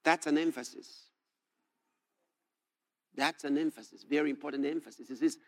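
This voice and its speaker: A man preaching a sermon, moving from soft asides to shouted scripture readings and laughing as he reads. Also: a little high, sing-song, a little slow.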